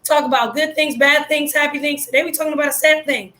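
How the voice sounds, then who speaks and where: Excitable woman, high bright voice. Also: quick pace. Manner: blunt, excitable, slangy. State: losing her voice. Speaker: video host commenting on news. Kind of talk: casual live commentary.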